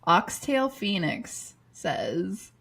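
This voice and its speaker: Lady podcast host reading out comments, slow drawl, voice goes up and down a lot, keeps cracking up. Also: medium pitch, animated, gravelly, a bit bright. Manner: amused, laughs often. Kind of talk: casual chat, reading out listener comments.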